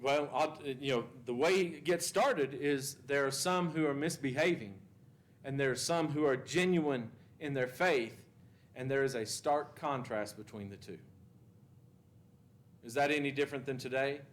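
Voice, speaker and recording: A man's voice: medium pitch, normal speed. A man teaching a Bible class at church, asking the class questions and reading scripture with emphasis.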